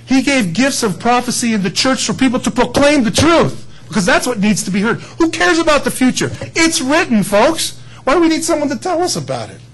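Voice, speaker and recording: A man preaching a sermon in a folksy, animated way, building up to emphatic peaks. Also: very high-pitched, fairly quick, husky, poor audio. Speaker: pastor.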